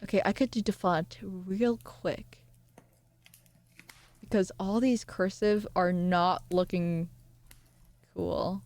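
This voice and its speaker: A woman streamer chatting casually with her viewers, excitable and giggly, often jumping up into squealy highs. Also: slow, pauses often. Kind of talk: casual live-stream chat.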